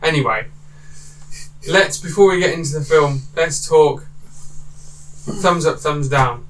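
A man hosting a casual film chat with friends, animated and swearing freely. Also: fairly high pitch, measured pace. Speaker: podcast host. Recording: distant mic with faint room noise.

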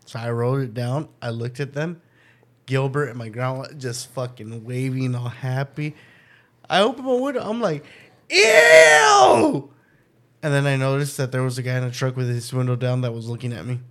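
Speaking a little fast, this man has a medium pitch, a darkish tone, and not much variation in his intonation. As host of a laid-back podcast, he tells a profanity-filled story, laughing along and imitating the people he quotes.

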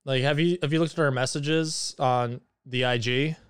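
A man's voice: mid-range voice, fairly even intonation, normal speed, smooth, no room sound, studio quality. A man co-hosting a podcast in casual chat, joking and sarcastic. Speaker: podcast co-host.

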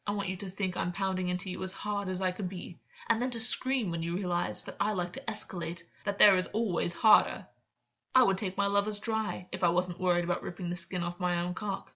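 A woman's voice: lowish voice, steady tone, fairly quick, fairly bright tone, lo-fi sound. A woman reading the lines of a cruel, domineering male king in an audiobook, with a menacing, coldly possessive delivery.

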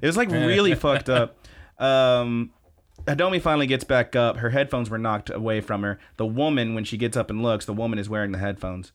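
A young man casually recapping an anime episode on a podcast, animated and swearing often. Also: fairly quick. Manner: animated, swears often, mimics characters in high squeals. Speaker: podcast host.

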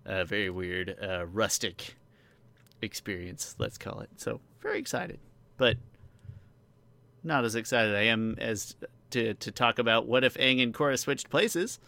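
A man's voice: on the low side, animated, measured pace, creaky, bright, forceful tone. A man hosting a casual podcast chat, rambling and joking with his co-host. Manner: rambling, joking, self-deprecating asides.

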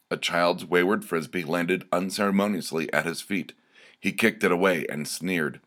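A man narrating dark comic short stories in a slow, deadpan, deliberate reading. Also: low-pitched.

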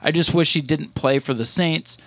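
A man's voice: a little high, normal speed, no echo. A man co-hosting a podcast in casual chat, teasing and joking with his co-host.

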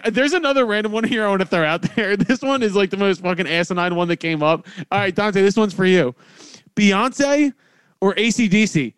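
A man's voice: high voice, moderate pace, clear, resonant tone, dry recording. An American man hosting a casual podcast, laughing and joking crudely as he asks questions. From United States. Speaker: podcast host. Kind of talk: casual chat.

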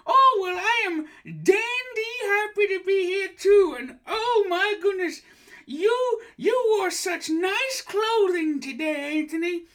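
A man putting on the high, theatrical voice of a flamboyant older female psychic in a comedy podcast skit. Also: lively intonation, slow, a bit bright, heavily acted. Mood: gushing. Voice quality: shrill falsetto, gushing and theatrical.

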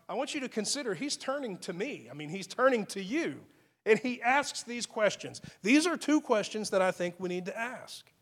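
A pastor whose voice sits high preaches in a conversational, personal manner, with many restarts and sudden swings in loudness.

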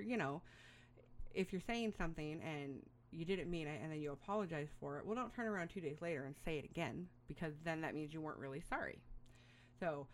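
In a deep voice, a middle-aged woman gives parenting advice in a casual monologue, rambling and chatty with frequent fillers and small laughs.

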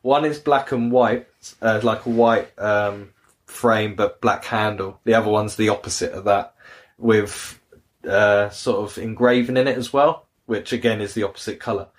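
A man, co-hosting a casual gaming podcast and telling animated stories, acting out voices. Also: lowish voice, normal speed. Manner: animated storyteller, acts out voices and laughs at own jokes. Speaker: podcast co-host.

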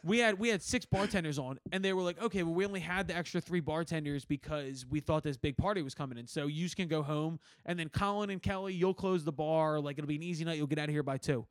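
A young podcast host, telling stories with loads of swearing and acted-out quotes. His voice sits high and the sound is close and dry, with no room around it. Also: fast talker, few pauses, dry recording. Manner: animated storyteller, swears a lot, acts out quotes. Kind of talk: casual storytelling chat.

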